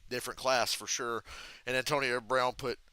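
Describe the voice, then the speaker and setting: A man with a very bright, sharp voice, riffing through a live reaction to a football game. He talks bluntly and crudely and jokes freely, in a casual streamer's way. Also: mid-range voice, fairly even intonation, moderate pace, smooth, low-quality recording.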